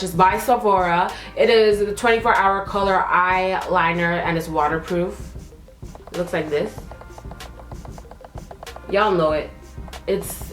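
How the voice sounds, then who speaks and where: A young woman telling a storytime while doing her makeup, animated and slangy, acting out what people said. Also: mid-range voice. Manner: animated, slangy, acts out quotes. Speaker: beauty vlogger. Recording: roomy echo, faint music.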